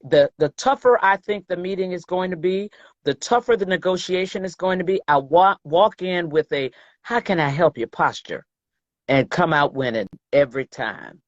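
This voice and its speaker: A woman's voice: fairly low pitch, moderate pace, no echo. Middle-aged Southern woman, interview guest, emphatic storyteller; dry, lo-fi recording. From American South. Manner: emphatic, acts out quoted dialogue. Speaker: guest, investment banker. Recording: dry, dull lo-fi sound.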